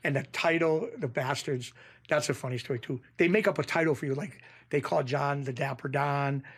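A middle-aged man, a podcast guest telling rough street stories in a casual, animated way that keeps circling back on itself. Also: on the high side, normal speed. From Springfield, Massachusetts. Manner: animated storyteller, rough street talk, repeats himself. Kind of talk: casual storytelling.

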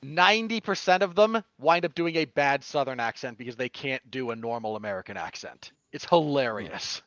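A man's voice: medium pitch, expressive, moderate pace, a bit bright, no room sound, lo-fi sound. A man co-hosting a casual movie review podcast, sarcastic and prone to stammered restarts. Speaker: podcast co-host.

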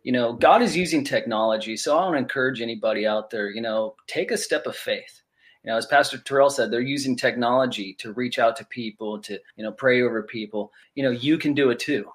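A man's voice: medium pitch, brisk. Affirming male podcast host. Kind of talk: interview conversation.

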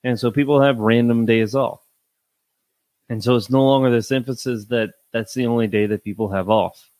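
A man's voice: mid-range voice, fairly even intonation, normal speed, a little mellow, dry recording. A man hosting a solo podcast, talking candidly and bluntly, with plenty of fillers and repeated words. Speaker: podcast host. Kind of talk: casual solo podcast monologue.

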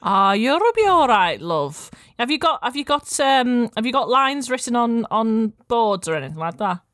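A woman's voice: fairly high pitch, big pitch swings, moderate pace, a bit bright, no room sound, studio quality. A woman voicing an older stall-cook nana with a Liverpool accent, earthy and sweary, calling everyone love. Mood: fond.

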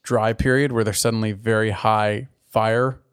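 A man's voice: on the low side, fairly even intonation, moderate pace, clean tone. A man co-hosting a podcast, rambling in casual chat, swearing freely and laughing often. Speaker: podcast co-host.

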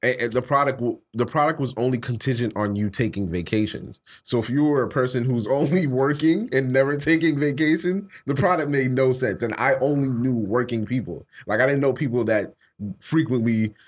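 A man's voice: mid-range voice, fairly quick. A man co-hosting a podcast in casual chat, loose and joking, laughing often and swearing freely. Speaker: podcast co-host.

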